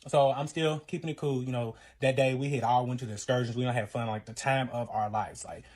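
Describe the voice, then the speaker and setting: His mid-range voice holds a steady tone, a little mellow, as he moves briskly through a casual story about his own relationship. He rambles, curses, leans on fillers, and plays out what other people said.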